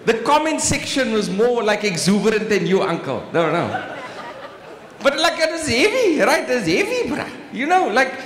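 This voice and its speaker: A man's voice: very high-pitched, very animated, moderate pace, a bit bright. A man in his forties with a South African accent doing live stand-up in a large hall, teasing the crowd. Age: 40s. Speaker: stand-up comedian. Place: large exhibition hall stage. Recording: echoey hall with room ambience.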